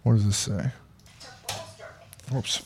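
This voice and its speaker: A man's voice: lowish voice, fairly even intonation, takes it slowly, creaky, darkish tone, slight background noise. A man hosting a casual home podcast, reading news aloud and giving blunt, opinionated remarks with casual swearing. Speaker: podcast host.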